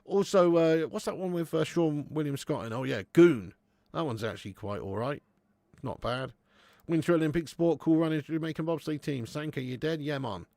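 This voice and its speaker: A young man hosting a live football watch-along, chatting with viewers, laughing often and swearing freely when excited. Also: a little high, moderate pace, vocal fry, dry recording. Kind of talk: live match commentary and chat with viewers.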